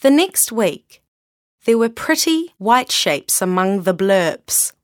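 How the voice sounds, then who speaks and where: A woman reading a children's story aloud in a gentle, unhurried storytelling manner. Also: medium pitch, big pitch swings, no room sound, clean studio sound.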